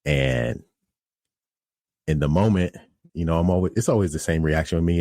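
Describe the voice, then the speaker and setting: A man's voice: sits low, expressive, normal speed, vocal fry, mellow, no room sound, clean studio sound. A man hosting a podcast who tells a casual, candid story about running a pizza shop and looks back on his own mistakes. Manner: candid, self-critical, conversational. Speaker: podcast host and pizza restaurant operator.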